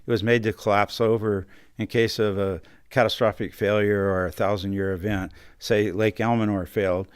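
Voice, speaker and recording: A man's voice: on the low side, level tone, normal speed, hardly any pauses, clear, resonant tone, dry recording. A middle-aged man, a county supervisor, earnestly telling his story as a studio guest and acting out the phone calls he quotes. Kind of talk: recounting a personal story in an interview. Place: radio studio.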